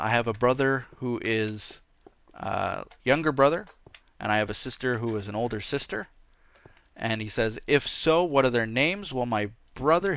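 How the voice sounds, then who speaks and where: Bright, crisp-voiced man playing a game. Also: medium pitch, dry recording. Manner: rambling, easygoing, with many fillers. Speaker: let's play host. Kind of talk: casual gameplay commentary with viewer Q&A.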